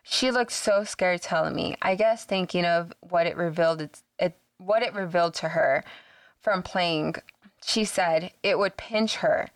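A woman from San Antonio, Texas, co-hosts a podcast and tells a spooky story in a low, unhurried voice with no room sound. She rambles in casual chat, filling it with fillers and swearing.

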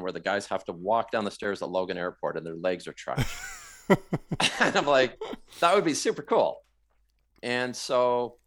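A man from Canada, a guest in an interview, telling his story in a rambling, animated way, often repeating words. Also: low-pitched, gravelly.

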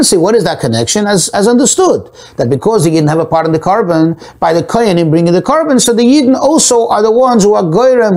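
A man teaches a Torah class with a voice that swings widely up and down in pitch. He keeps posing rhetorical questions and then answering them himself. His English is full of Hebrew and Yiddish terms. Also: a little mellow. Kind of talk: Torah class explaining a text.

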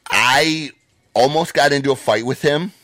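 A man co-hosting a podcast, ranting in a heated, profane way and breaking into loud shouts. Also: medium pitch, normal speed, no room sound. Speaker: podcast co-host.

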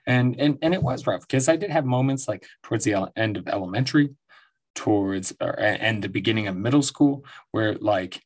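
His lowish voice is expressive, brisk, and slightly rough as he hosts his own podcast from home. A man in his forties, he rambles through profane stories in a casual monologue, laughing often.

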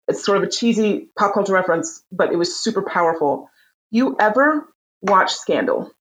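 A woman being interviewed in a casual conversation, telling stories with lively energy and frequent restarts. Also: medium pitch, moderate pace, a little hiss or hum, low-quality recording. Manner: animated storyteller, frequent restarts. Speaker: interview guest.

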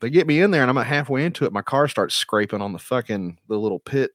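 A man's voice: medium pitch, expressive, fast, a bit bright, no echo, studio quality. A man guesting on a podcast, telling crude, joking stories and acting out what people said. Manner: crude, joking, acts out quotes. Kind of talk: casual chat.

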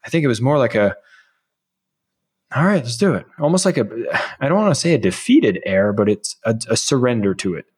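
A man in his thirties, a guest on a podcast, telling stories in a casual, animated way and acting out the lines people said to him. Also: mid-range voice, fast, hardly any pauses, breathy edge. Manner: animated, acts out quoted dialogue. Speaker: podcast guest, sales author. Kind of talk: casual interview storytelling.

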